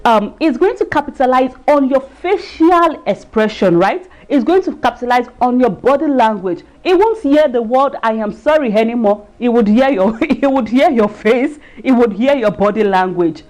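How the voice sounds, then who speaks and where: Woman, earnest livestream talk, slightly high voice, repeats herself, searches for words. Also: animated, moderate pace, few pauses, darkish tone. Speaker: marriage enrichment speaker.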